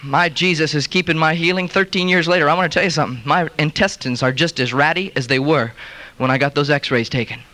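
A male preacher tells stories and builds to emphatic points in a sermon. His voice sits high and rings bright and forceful. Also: a little fast.

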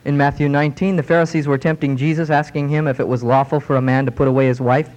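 A male preacher delivering a sermon, reading scripture with emphasis and slowing down on key words. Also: a little high, level tone, a little mellow.

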